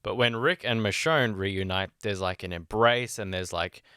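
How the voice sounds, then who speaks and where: A man's voice: on the low side, moderate pace, sharp tone, clean tone, no echo, studio quality. A man co-hosting a podcast in casual chat, rambling and leaning on "like" and "you know". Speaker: podcast co-host.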